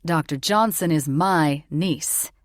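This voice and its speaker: A woman voicing a blunt, gruff older male federal agent who is the heroine's uncle. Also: low-pitched, moderate pace, darkish tone, dry recording, studio quality, lightly acted.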